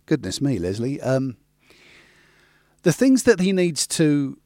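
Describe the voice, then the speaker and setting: A man's voice: mid-range voice, big pitch swings, slow pace, mellow, dry recording, clean studio sound. Rambling middle-aged man. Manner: rambling, self-interrupting, chatty. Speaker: host giving music advice. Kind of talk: casual advice talk.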